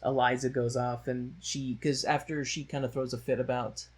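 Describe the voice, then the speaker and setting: A husky man chats through a musical's plot as a podcast co-host, rambling and joking along the way. His voice is a mid-pitched one with a breathy edge, and he slips into mocking voices now and then. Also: little pitch movement, moderate pace. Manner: rambling, jokey, with brief mocking put-on voices. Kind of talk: casual chat recapping a musical.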